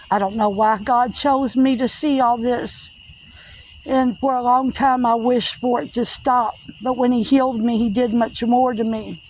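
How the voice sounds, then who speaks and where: A woman's voice: a little high, darkish tone, rough recording. A woman tells a personal spiritual testimony in a plain, earnest voice. She works through it step by step, coming back again and again to what she said and what others said. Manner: earnest, repetitive retelling with many "I said" tags. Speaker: faith testimony vlogger.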